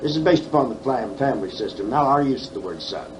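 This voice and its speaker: A man in his seventies teaches scripture at a conference, hammering home points with rhetorical questions and dry folksy humor. The old tape carries a faint steady hiss behind him. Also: mid-range voice, quick pace. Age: 70s. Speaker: Bible teacher. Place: conference hall. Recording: faint background noise, 1979 tape.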